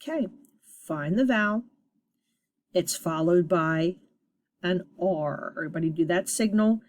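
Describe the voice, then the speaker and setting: A woman teacher giving a recorded phonics lesson to young students, upbeat and sounding out each sound deliberately. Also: lowish voice, darkish tone.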